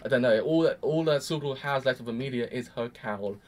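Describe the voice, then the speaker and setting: A man's voice: mid-range voice, a little fast, slight background noise. A young man rambling through an emphatic, exasperated reaction review. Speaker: anime reviewer. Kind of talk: casual reaction commentary.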